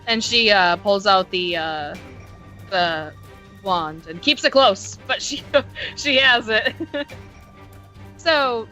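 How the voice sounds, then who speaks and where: Brief: female tabletop player, bright and slightly high, chatty, hesitant, with quiet music behind. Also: expressive, takes it slowly, pauses often. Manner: chatty, laughs often, hesitant fillers. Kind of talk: playing a tabletop game in character.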